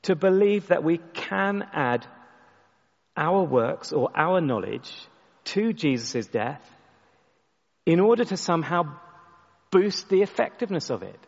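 A man's voice: fairly high pitch, very animated, unhurried, creaky, pauses often, lo-fi sound. Man preaching in a reverberant hall. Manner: storytelling with repeated restarts, voice dropping soft for emphasis. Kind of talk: sermon. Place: church.

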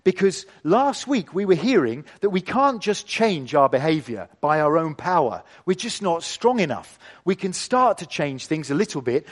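A man preaching a sermon, reading scripture aloud and then explaining it, slowing down to stress key words. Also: sits high. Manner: expressive, slows down for emphasis.

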